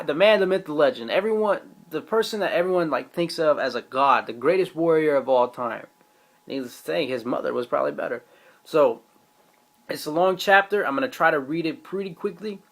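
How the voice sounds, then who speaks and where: A young man casually reviewing a comic chapter in an excitable, slangy, profane way. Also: mid-range voice, vocal fry. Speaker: manga reviewer.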